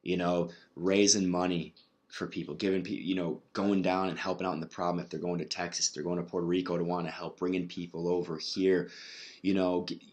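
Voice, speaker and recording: A man's voice: low-pitched, flat delivery, brisk, a little mellow. A man hosting a casual solo podcast, talking in a rambling, profane way with many restarts. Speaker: podcast host.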